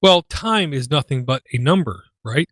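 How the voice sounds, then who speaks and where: A man's voice: medium pitch, lively intonation, normal speed, fairly bright tone. A man hosting a casual tech podcast, talking in a rambling, self-deprecating way. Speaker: podcast host.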